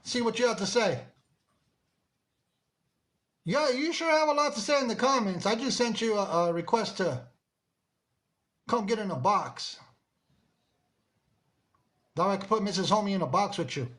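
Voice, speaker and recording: High-pitched scolding livestream host. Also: male voice, lively intonation, normal speed, pauses often, fairly bright tone. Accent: Mexican-American. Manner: scolding, insistent, repeats himself. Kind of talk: confrontational livestream talk.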